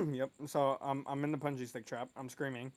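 A man's voice: medium pitch, level tone, moderate pace, dry recording. A man co-hosting a podcast in crude, casual banter, laughing a lot and quipping. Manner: laughs a lot, quips and feeds bits. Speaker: podcast co-host.

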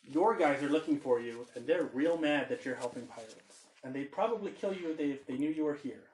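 A man's voice: fairly high pitch, fairly quick, a little mellow, distant mic, slight background noise, lightly acted. Cast a man playing a shrewd woman information broker, sugary service voice dropped for plain talk, echoey room. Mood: blunt. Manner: starts in a sweet customer-service voice, then drops it. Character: female shop owner and information broker.

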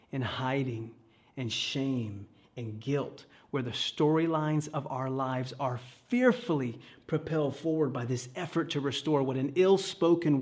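A middle-aged man preaching a sermon, earnest, with dramatic pauses and phrases that sink to a hush. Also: medium pitch. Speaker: pastor.

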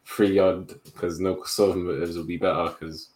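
A young man, telling a story in a casual podcast chat among friends, full of slang and lively retelling. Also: low-pitched, moderate pace. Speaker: podcast co-host.

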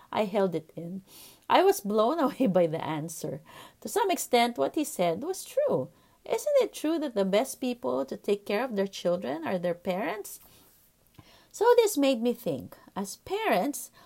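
A woman in her forties hosting her own podcast, telling a personal story in an earnest, reflective way with soft fillers. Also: a little high, vocal fry. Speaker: podcast host, pediatrician.

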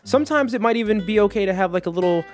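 Male solo podcaster: casual, joking, tangent-prone, animated delivery, a bit high. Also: racing, faint music behind. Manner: jokey, animated, lots of fillers and tangents. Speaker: podcast host.

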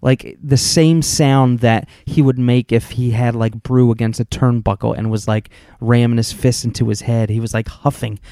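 A man's voice: mid-range voice, fairly even intonation, dark tone, no echo, clean studio sound. A man co-hosting a casual movie review podcast, rambling and restarting his sentences. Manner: rambling, halting, many restarts.

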